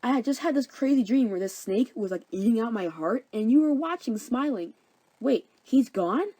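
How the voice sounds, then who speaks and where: A woman's voice: a little high, expressive, normal speed, warm tone. A woman voicing Hermia, a sassy, fed-up young woman with a snappy manner.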